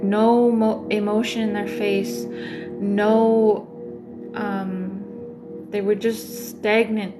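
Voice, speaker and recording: A woman tarot reader on a livestream, telling a dream in a rambling way with many fillers. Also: fairly high pitch.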